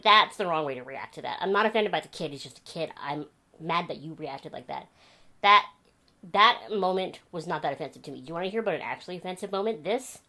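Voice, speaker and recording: A young woman vlogging at home, chatting to the camera and telling animated stories with laughs. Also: on the low side. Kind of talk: casual chat to camera. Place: home bedroom.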